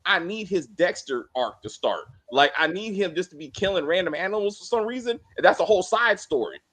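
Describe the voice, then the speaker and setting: Animated man in a casual review chat. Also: sits high, fairly quick. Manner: animated, acts out quotes in mock voices. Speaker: co-host of a TV review show.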